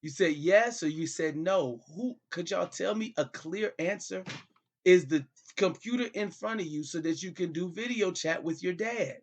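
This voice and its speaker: A man's voice: high-pitched, normal speed. A middle-aged man hosting a comedy show, talking as a father on a call in a pleading, repetitive, exasperated way.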